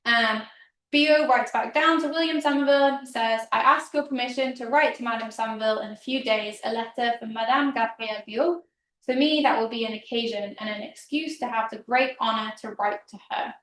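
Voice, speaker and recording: A woman's voice: fairly high pitch, a little fast, a bit bright, far from the mic. Woman lecturer in a roomy hall. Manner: casual, chatty, frequent ums. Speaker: history of mathematics lecturer. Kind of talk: illustrated public history talk. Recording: roomy hall, speaker off-mic.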